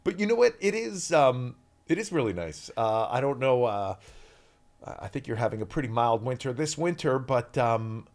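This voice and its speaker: A man in his fifties from the US East Coast, a guest actor chatting on a podcast and telling stories in an animated, rambling way. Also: mid-range voice, moderate pace. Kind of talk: casual podcast chat.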